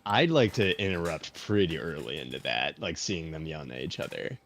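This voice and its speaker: A man's voice: extremely low pitch, expressive, fairly quick, gravelly, a bit bright, a little hiss or hum. A man playing in a tabletop game, eager and chatty, with many "like" fillers. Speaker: player. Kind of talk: casual tabletop play.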